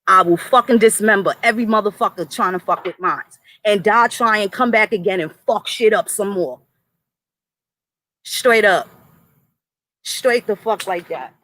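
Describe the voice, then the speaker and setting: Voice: medium pitch, normal speed, bright, forceful tone, no room sound, low-quality recording. An adult livestream host ranting angrily at the chat and moderators, with heavy profanity and threats. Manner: addresses chat and moderators directly. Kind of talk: angry livestream rant to chat.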